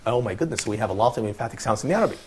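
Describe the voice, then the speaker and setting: A man's voice: on the low side, expressive, very fast, a little mellow, husky. A man presenting and teaching a lesson, patient and encouraging, who often repeats his phrases.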